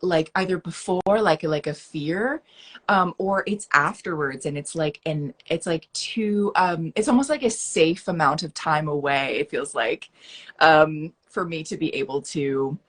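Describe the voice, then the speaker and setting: A woman's voice: sits low, unhurried, fairly bright tone. A woman hosting a live stream, talking in a chatty, rambling way and laughing easily. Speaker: host. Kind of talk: casual chat. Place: home, on a live video stream.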